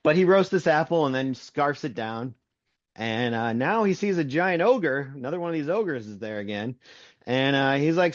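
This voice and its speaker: A man's voice: mid-range voice, animated, normal speed. A man co-hosting a casual comic book review podcast, laughing often as he retells the story. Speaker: podcast co-host. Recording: dull, lo-fi, dry sound.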